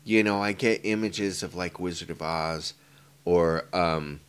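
Man, lowish voice, casual movie chat, rambling, hesitant, swears. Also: measured pace, smooth. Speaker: podcast co-host.

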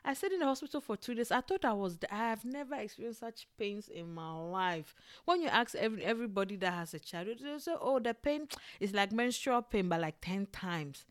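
A young adult woman telling a personal story in a casual, expressive way, with frequent exclamations. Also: mid-range voice, a little fast. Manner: animated and expressive, with exclamations and laughter.

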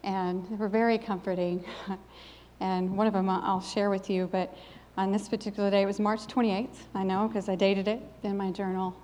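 A woman's voice: medium pitch, level tone, moderate pace, mellow, a little hiss or hum. A middle-aged woman preaching a sermon with a personal testimony, in an earnest, emphatic preaching cadence. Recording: long hall reverb.

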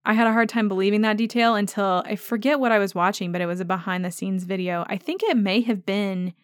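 This woman's mid-range voice is clear and resonant, steady in tone, with no room sound and studio quality. Hosting a fan podcast, she talks through a beloved episode casually, gushing and rushing ahead in bursts of excitement.

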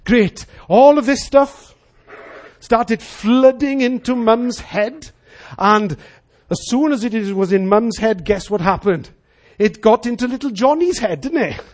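Speaking at a measured pace in a very high-pitched voice, this middle-aged preacher from Wales animates his sermon with stories, voicing each character himself.

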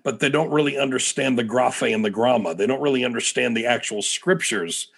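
A man's voice: medium pitch, fairly quick, gravelly, a bit bright, slightly rough. A middle-aged American man, a preacher and guest, telling stories animatedly in a podcast interview with frequent restarts. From United States.

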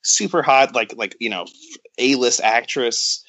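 A man's voice: mid-range voice, a little slow, fairly bright tone, dry recording. A man co-hosting a podcast, chatting casually about a film in a rambling, self-mocking way with many stops. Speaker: podcast co-host.

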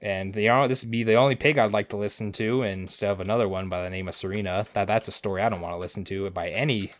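Low-voiced man swearing through a recap. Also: steady tone, fast talker. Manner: crude, swears a lot, rambling asides. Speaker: podcast co-host. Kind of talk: casual episode recap.

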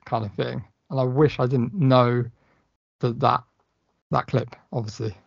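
Gravelly man, casual podcast chat. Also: mid-range voice, fairly even intonation, a little slow, no room sound. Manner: chatty, acts out lines from films in raised voices. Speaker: podcast co-host. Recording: dull, slightly muffled podcast audio.

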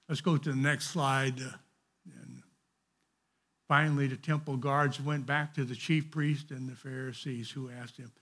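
Gravelly, husky man teaching Bible study. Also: mid-range voice, steady tone, a little slow, fairly bright tone. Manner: digressive, conversational commentary on a text.

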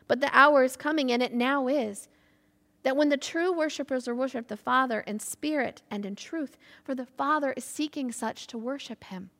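A woman's voice: high-pitched, fairly bright tone. A woman doing a patient Jesus. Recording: echoey hall with long reverb.

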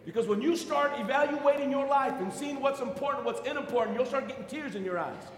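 Man, pastor, very high voice, impassioned sermon, stammered restarts, echoey hall with long reverb. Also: fast. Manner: impassioned preaching with stammered restarts and call-outs to the congregation. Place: church sanctuary.

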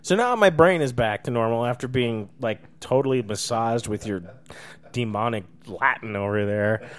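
A man's voice: medium pitch, moderate pace. A man hosting a casual interview, joking around and swearing freely. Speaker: podcast host.

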